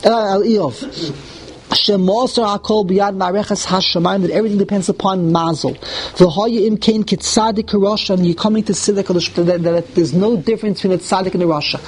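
A man's voice: high voice, slightly rough. A man teaching a verse-by-verse Torah class to live listeners. He reads Hebrew verses, translates and explains them, often restarts his phrases, and stresses the harsh words.

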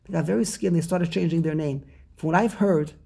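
A man's voice: on the high side, quick pace, gravelly, mellow, breathy edge. A man teaching a religious text study class, rambling and often repeating words and restarting his sentences.

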